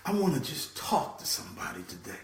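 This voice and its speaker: A man hosting a passionate motivational talk, preaching with sudden swings from loud to soft. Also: fairly low pitch, very animated, a little fast, roomy sound. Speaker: host. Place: room.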